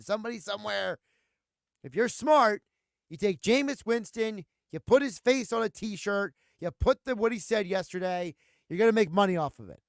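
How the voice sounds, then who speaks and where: Male studio radio host, plainspoken and joking; high clear voice, dry close sound. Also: dry recording. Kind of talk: casual sports radio talk.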